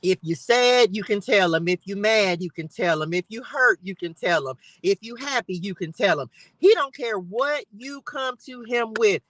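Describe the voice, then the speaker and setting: A woman's voice: medium pitch, lively intonation, normal speed, hardly any pauses, no echo, poor audio. A woman hosting a live stream from her car, giving fervent, repetitive faith encouragement with bursts of laughter. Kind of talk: casual spiritual encouragement talk. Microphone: live-stream device mic.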